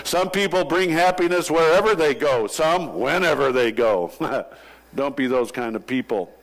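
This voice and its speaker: A male pastor preaching a sermon, telling jokes and stories in an animated way. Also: fairly high pitch, unhurried, low-quality recording. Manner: animated storytelling with joking asides. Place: church sanctuary.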